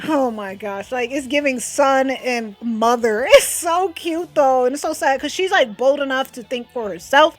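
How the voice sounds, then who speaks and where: A woman's voice: high-pitched, normal speed, few pauses, soft background music. A young adult woman chatting casually about a comic she is reading, gushing and chatty. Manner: chatty, gushing, with lots of fillers. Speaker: webcomic recommender. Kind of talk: casual chat.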